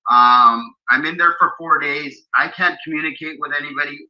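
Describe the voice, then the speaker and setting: A man telling his own story in casual chat, animated and blunt, swearing freely. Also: a little high, normal speed. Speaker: guest recounting a personal story. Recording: dull lo-fi audio.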